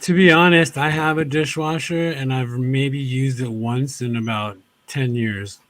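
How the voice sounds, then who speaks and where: A man on a panel chat who talks candidly and gets excited about ideas. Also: mid-range voice, a little slow, no room sound. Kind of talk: casual chat.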